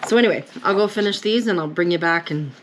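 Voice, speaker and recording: A woman's voice: on the low side, quick pace, noisy background. A woman hosting a casual crafting vlog, chatting and explaining each step as she works at home. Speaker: vlogger. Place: home crafting table, indoors.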